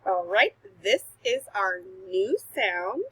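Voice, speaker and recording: A woman teacher recording a phonics lesson for young children at home, sounding out letters slowly and patiently, laughing at her own slips. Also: medium pitch, animated, a bit bright, breathy edge, low-quality recording. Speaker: kindergarten teacher. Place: home recording, not a classroom.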